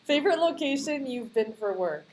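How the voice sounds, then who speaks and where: A woman hosting an interview, firing off quick questions in a playful way and laughing often. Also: high-pitched, lively intonation, slight background noise, low-quality recording. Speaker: interview host.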